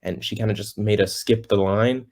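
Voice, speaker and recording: A man's voice: fairly low pitch, steady tone, moderate pace, darkish tone. A teenage boy, a singer guest on a podcast, telling his story in a rambling way with many fillers and restarts, acting out what others said. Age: teens. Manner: acts out quoted people. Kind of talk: casual interview.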